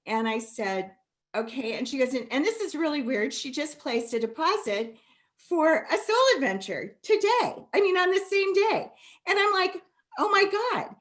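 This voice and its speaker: A high-pitched woman hosts a masterclass on a video call. She talks affectionately and emotionally, calling the listener sweetie and honey. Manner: warm, affectionate, tearful at times. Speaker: masterclass host. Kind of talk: live video call talk.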